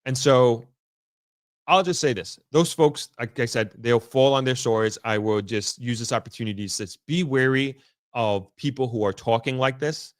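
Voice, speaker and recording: A vlogger talks casually and unscripted to camera from the area his update covers, often stopping and restarting as he chooses his words carefully. His mid-range male voice moves at a normal speed, recorded dry with clean studio sound.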